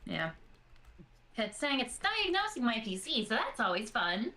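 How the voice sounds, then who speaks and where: A woman's voice: fairly high pitch, big pitch swings, unhurried, sharp tone. A woman in casual chat, flustered and apologetic.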